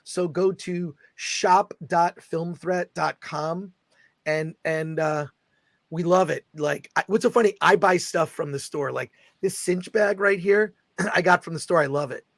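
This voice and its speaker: A middle-aged man hosting a casual livestream chat, excitably reading viewer comments aloud. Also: on the high side, a little slow, vocal fry, no echo. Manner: excitable, reads viewer super chats aloud. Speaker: host.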